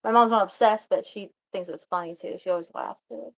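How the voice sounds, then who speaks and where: Speaking at a medium pitch, this woman vlogs casually, wandering through a story and starting over again and again. She slips in brief quotes of other people's words, and the audio sounds lo-fi.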